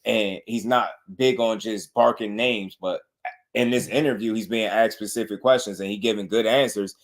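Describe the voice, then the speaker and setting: Man, lowish voice, relaxed boxing talk, casual commentary, repeats himself. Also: moderate pace. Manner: laid-back, repeats "you know what I mean". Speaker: boxing show host.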